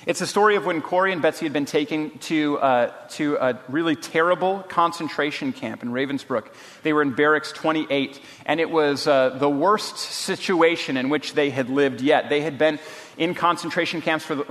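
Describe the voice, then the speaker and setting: A man delivers an earnest, measured sermon, then reads a book passage aloud. His voice sits slightly high and rings through a hall with a long reverb tail. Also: a bit bright. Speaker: pastor.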